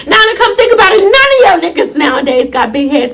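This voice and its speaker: Animated, high-voiced young woman telling a story. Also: fast, hardly any pauses. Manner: animated, profane, dramatic retelling with asides to viewers. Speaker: storytime YouTuber. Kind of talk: casual storytime vlog.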